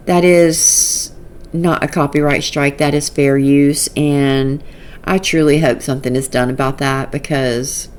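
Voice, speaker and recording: A woman commenting on online drama in a casual vlog, sarcastic and exasperated, often laughing. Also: fairly low pitch.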